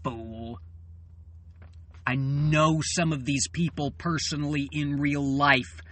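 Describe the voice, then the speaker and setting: Slow, bright-voiced angry man ranting. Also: fairly high pitch, little pitch movement. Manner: angry, swearing, halting with sudden loud bursts. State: weary and fuming. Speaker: channel host. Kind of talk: political rant monologue.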